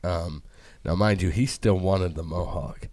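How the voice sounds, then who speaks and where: A man co-hosting a podcast, chatting casually and acting out the people in his stories with lively quotes. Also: low-pitched, a little slow, noisy background. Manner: animated storyteller, acts out quotes. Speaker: podcast co-host. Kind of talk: casual chat.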